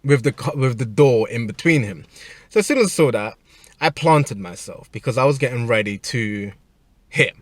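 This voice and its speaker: A man's voice: medium pitch, normal speed, no room sound. Male, personal trainer type, mid-range voice, dry recording, casual rambling anecdote. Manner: rambling, animated anecdote with frequent restarts. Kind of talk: casual storytelling.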